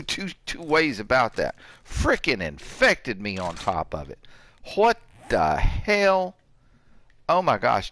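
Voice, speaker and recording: A man's voice: medium pitch, sharp tone, slight background noise. A man in his sixties hosting a gaming channel, giving joking let's-play commentary and trash-talking the characters. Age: 60s. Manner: jokey, trash-talks the characters.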